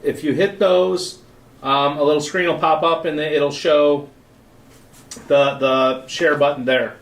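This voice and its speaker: A man's voice: a little high, steady tone, takes it slowly, recorded from a distance. Dry-voiced man, off-mic and echoey. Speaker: co-host. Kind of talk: casual livestream chat.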